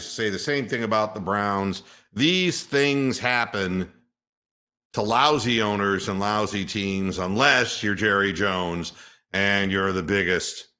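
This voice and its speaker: A male sports radio host rants in a sarcastic, mocking tone and swears without hesitation. His pitch swings widely up and down, and he takes his time over each point. His voice has a bright, pointed edge. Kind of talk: opinionated sports talk rant.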